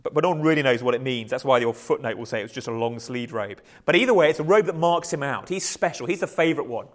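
A man's voice: mid-range voice, lively intonation, quick pace. A man preaching a conversational sermon, often restarting words and chuckling lightly.

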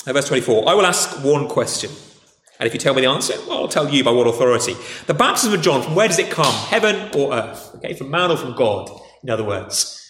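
Posh English preacher in an echoey hall. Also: male voice, mid-range voice, very animated, quick pace, fairly bright tone, slight background noise. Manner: conversational, many restarts and "okay"s. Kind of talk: sermon.

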